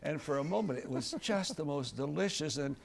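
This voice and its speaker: An older male TV weatherman tells a funny story from the studio. His voice is gravelly and a bit high for a man, and his delivery is wry and chuckling. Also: animated, brisk. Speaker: TV weatherman and host. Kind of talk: humorous anecdote storytelling.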